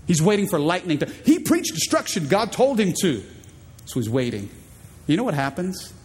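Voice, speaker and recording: A man preaching a sermon as pastor, animated and playful, acting out voices in the stories he tells. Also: moderate pace, breathy edge, long reverb tail. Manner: animated, acts out quoted voices in high pitch.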